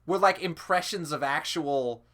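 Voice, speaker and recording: A man talks through a gaming session in a loose, rambling way, dropping swears and laughing at his own tangents. His voice sits fairly high and sounds bright. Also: a little slow. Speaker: let's play commentator. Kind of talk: casual gaming chat.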